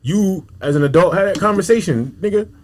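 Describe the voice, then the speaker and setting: A man's voice: high voice, lively intonation, brisk, a little mellow, a little hiss or hum. A man, a comedian, talking emphatically with heavy slang and profanity in a casual podcast chat.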